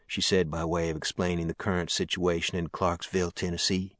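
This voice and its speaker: A man reading an audiobook in a steady, matter-of-fact way. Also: deep voice, moderate pace, hardly any pauses, no room sound. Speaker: narrator. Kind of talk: audiobook narration. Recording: dry close studio sound.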